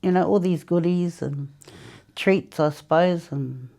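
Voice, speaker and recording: Her pitch sits fairly low, her pace is measured, and her dark tone carries vocal fry. She's a New Zealand woman who used to smoke, chatting through an interview about quitting, laughing a lot and performing people's words.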